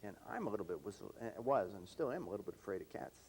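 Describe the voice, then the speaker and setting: Older male interviewer, lively anecdotal storyteller, voice swings up and down a lot. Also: fairly low pitch, fast talker, slight background noise. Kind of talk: reminiscing conversation.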